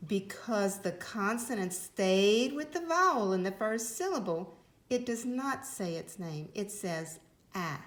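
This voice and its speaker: Slow, clear woman teaching phonics. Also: mid-range voice. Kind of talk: phonics lesson for young children. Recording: roomy echo.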